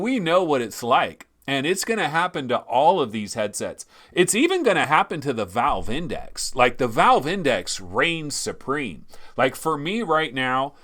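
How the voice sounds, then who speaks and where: A man hosting a casual livestream, rambling and joking in an animated way. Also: mid-range voice. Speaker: livestream host.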